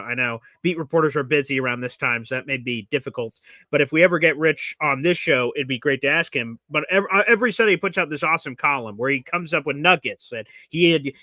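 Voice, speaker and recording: A man's voice: on the high side, sharp tone, no room sound. A man co-hosting a sports podcast, talking casually and animatedly, acting out quotes in a raised voice. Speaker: podcast co-host.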